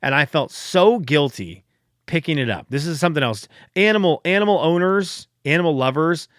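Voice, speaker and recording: A man talks alone into a podcast mic, rambling and poking fun at himself in a casual, fired-up way. His voice sits a little high for a man. The sound is dry and close, with no room echo. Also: lively intonation, normal speed, a bit bright. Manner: rambling, self-deprecating storytelling. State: fired up late at night. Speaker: podcast host. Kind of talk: casual solo podcast chat.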